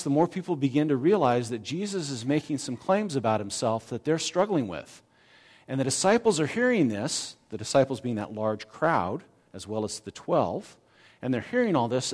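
A man's voice: medium pitch, sing-song, brisk, darkish tone. Man, pastor, conversational sermon, asks the congregation questions.

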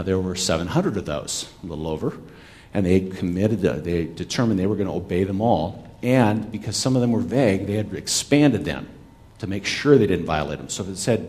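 Low-voiced man preaching conversationally. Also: darkish tone. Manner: conversational, asks rhetorical questions; talks back with listeners. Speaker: pastor. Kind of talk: sermon.

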